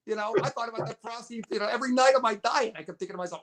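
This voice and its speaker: A man's voice: very high-pitched, rapid-fire, few pauses, fairly bright tone. A man in his fifties, a podcast guest, telling stories in casual conversation, acting out quotes and repeating words as he goes. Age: 50s. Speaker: podcast guest, bodybuilding promoter. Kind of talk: casual storytelling interview.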